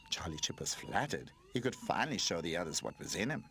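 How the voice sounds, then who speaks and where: A man narrating a storybook with a bright, forward tone. His pitch leaps all over as he reads expressively, over a faint hum. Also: fast talker, few pauses. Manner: expressive, animated reading.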